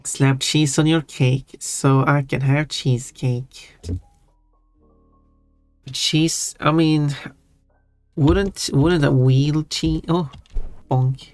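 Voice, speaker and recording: A man hosting a livestream, answering chat casually in a halting way and chuckling. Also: a little high, steady tone, clean tone, no room sound. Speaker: livestream host. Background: faint background music.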